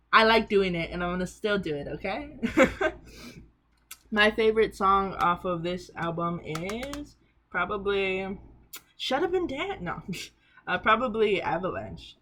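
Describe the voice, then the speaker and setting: A woman's voice: fairly low pitch, a bit bright, slight background noise. A young woman vlogging in a casual, rambling way, poking fun at herself and laughing often as she shows off her collection. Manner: chatty, rambling, self-mocking, laughs often. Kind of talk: casual chat showing off a collection.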